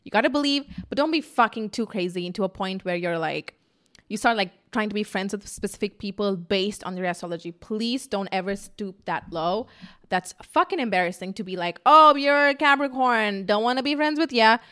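A woman's voice: medium pitch, brisk. A young woman in a casual talking-to-camera vlog, speaking bluntly and emphatically, swearing freely and acting out the voices she quotes. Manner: animated, acts out quotes. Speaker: vlogger.

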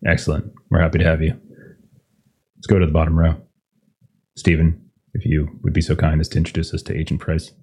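Very deep-voiced game master. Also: male voice, completely flat delivery, brisk, pauses often, darkish tone, slightly rough. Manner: swears casually, mock-stern. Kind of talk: game master recap and table banter.

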